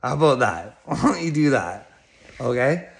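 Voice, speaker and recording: Speaking straight into the camera at a moderate pace, a middle-aged video blogger rambles at another creator with heavy swearing and bursts of laughter between phrases. His medium-pitched voice is creaky and swings widely in pitch.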